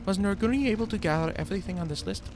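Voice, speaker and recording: A man voicing a woman caregiver in a relief camp, straining for a higher voice with a shaky put-on accent while reading game dialogue. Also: expressive, very fast, noisy background. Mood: grateful.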